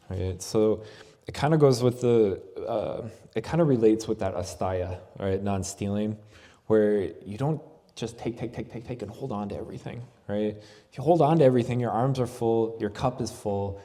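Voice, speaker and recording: Brief: male yoga teacher, conversational festival talk, warm dark tone, reverberant hall sound. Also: lowish voice. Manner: conversational, asks "right?" often. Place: festival venue.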